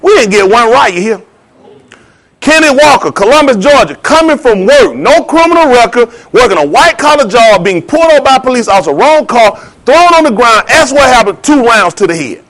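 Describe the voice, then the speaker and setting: A man delivering a heated, preachy monologue in slangy street talk, swinging between loud jabs and low asides. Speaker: vlogger. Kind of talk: ranting commentary monologue.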